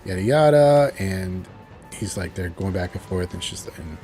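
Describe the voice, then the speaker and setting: A man's voice: low-pitched, completely flat delivery, a little slow, faint music behind. A man giving a casual, chuckling recap of a TV episode as he loosely paraphrases its dialogue. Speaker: TV show reviewer.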